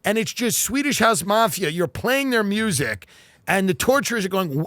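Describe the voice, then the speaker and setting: A man's voice: high-pitched, very animated, normal speed, pushed and bright, no room sound. A man hosting a podcast, reading news aloud and riffing on it with sarcastic, mock-earnest comedy. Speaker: podcast host.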